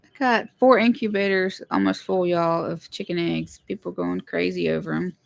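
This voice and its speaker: A woman's voice: on the low side, fairly even intonation, normal speed, creaky, no room sound. A woman, chatting casually with viewers while hosting a home livestream. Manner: chatty, greets viewers, apologizes for tech trouble. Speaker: livestream host, homesteader.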